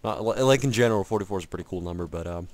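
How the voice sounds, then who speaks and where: A man's voice: low-pitched, very fast, a little mellow, no room sound. A man giving casual, rambling commentary over a video game, joking at his own expense and chatting to the game itself. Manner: rambling, jokey, self-mocking; talks to himself and the game. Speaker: gameplay commentator. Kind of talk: casual let's-play commentary.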